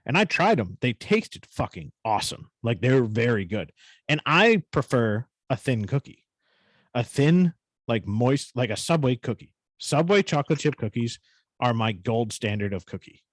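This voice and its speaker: A man's voice: mid-range voice, very animated, normal speed, no room sound. A man co-hosting a podcast, telling a story in casual, profane chat with a New England accent. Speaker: podcast co-host.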